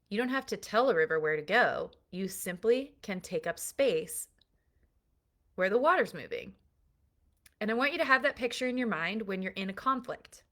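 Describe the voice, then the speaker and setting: A woman's voice: a little high, fairly bright tone. Earnest woman coaching parents. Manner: earnest, emphatic teaching through analogies. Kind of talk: recorded coaching lesson.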